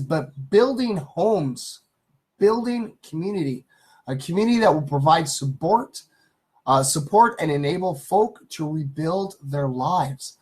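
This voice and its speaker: A man hosting a live stream, casually reading good-news stories aloud and greeting viewers in the chat, with many ums and uhs. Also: a little high.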